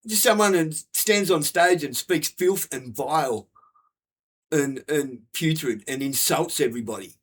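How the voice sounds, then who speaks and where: A man, his voice sitting a bit higher than most men's. He rants bluntly and keeps swearing, looping back over the same points in a hard, sweary delivery. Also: unhurried. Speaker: vlogger. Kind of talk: angry profane rant.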